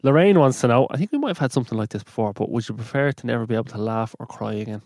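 A man's voice: medium pitch, racing, a little mellow, no room sound, clean studio sound. A man hosting a podcast, putting listener questions to the others in casual chat.

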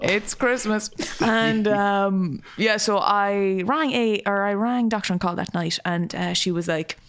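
A woman's voice: medium pitch, a little slow. Laughing woman telling a story. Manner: animated, laughing storyteller who swears freely. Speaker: podcast co-host. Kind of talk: casual storytelling chat.

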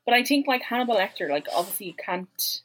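A woman's voice: medium pitch, expressive, fast, fairly bright tone, rough recording. A woman in casual chat as co-host, easygoing and full of "like" fillers.

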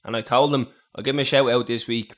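A podcast co-host who talks very fast. He tells anecdotes in loose, slangy casual chat and swears freely, his voice sitting at a middle pitch. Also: steady tone, a bit bright. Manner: rapid slangy storytelling with swearing.

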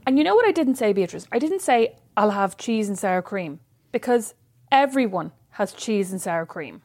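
A woman's voice: medium pitch, very animated, moderate pace, darkish tone. A woman in casual podcast chat with a mid-range voice. She tells her stories frankly and expressively, and she swears easily as she talks. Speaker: podcast co-host.

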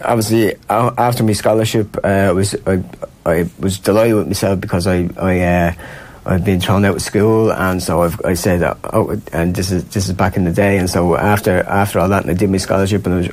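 A man's voice: low voice, fairly even intonation, fairly quick, hardly any pauses, a little mellow. A man with an Irish accent, a guest telling stories in a rambling, chatty way with frequent laughter. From Ireland. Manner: rambling, laughs often, many restarts. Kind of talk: casual storytelling chat.

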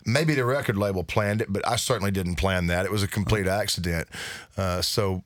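A man telling stories in a relaxed, drawling way during a casual interview in a radio studio. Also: deep voice, brisk, no echo. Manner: relaxed storytelling, drawling, lively quotes. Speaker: band member being interviewed.

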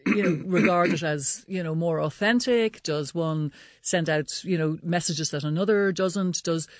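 A woman's voice: on the low side, a little slow, no room sound. A woman with a Dublin accent, a guest on a radio panel, talking in a chatty way with lots of fillers. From Dublin, Ireland. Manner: chatty, many "you know" fillers.

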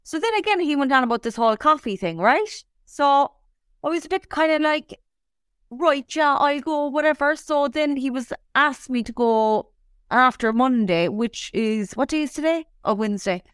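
Irish woman, young, animated storyteller, smooth clear voice, dry close sound. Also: sits high, moderate pace, dry recording. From Ireland. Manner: animated storytelling, swears freely. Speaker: podcast co-host. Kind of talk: casual chat.

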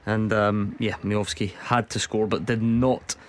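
A man's voice: on the low side, level tone, measured pace. A man hosting a football radio show, chatting casually and teasing his co-hosts. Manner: chatty, teasing, laughs often. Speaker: radio sports show host.

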